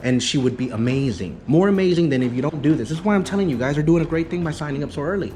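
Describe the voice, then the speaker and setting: A man's voice: on the high side, racing. Male dog trainer with a raised voice, explains rules firmly and repeats himself to drive points home. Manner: emphatic, repetitive teaching, acts out excited praise. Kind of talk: in-home consultation.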